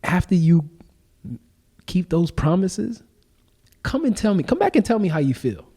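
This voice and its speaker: A man talking casually and emphatically as a podcast guest, full of slang and lively stories. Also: high voice, a little slow, husky. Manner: animated, emphatic storytelling with slang. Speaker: podcast guest and show founder.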